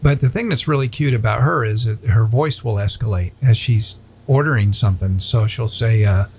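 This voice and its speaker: A man's voice: on the low side, moderate pace, a little mellow, slight background noise. A man hosting a casual Christian radio show from a studio, joking and sincere by turns.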